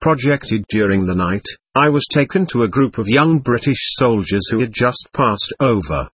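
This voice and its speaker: A man reading a first-person memoir aloud at a measured, steady pace. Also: medium pitch, husky, no echo.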